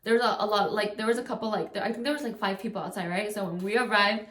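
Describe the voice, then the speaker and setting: A young woman rambles through a storytime vlog at a middle pitch, full of "like" and half-finished sentences. Her voice bounces around a roomy, echoey space. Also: steady tone, quick pace, a bit bright. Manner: rambling, heavy use of "like", frequent restarts. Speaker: vlogger. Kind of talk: casual storytime. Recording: roomy echo.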